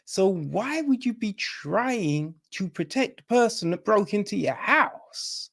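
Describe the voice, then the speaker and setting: A man hosting a film review podcast, talking casually with many fillers and swinging from high exclamations to low mutters. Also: expressive, takes it slowly, creaky, fairly bright tone. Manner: incredulous, rambling, with many fillers.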